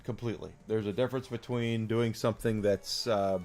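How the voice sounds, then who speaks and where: A man's voice: fairly low pitch, fairly even intonation, a little fast, darkish tone, faint music behind. A man in his forties chatting casually and outspokenly as a streamer, rambling with many fillers. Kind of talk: casual chat while gaming.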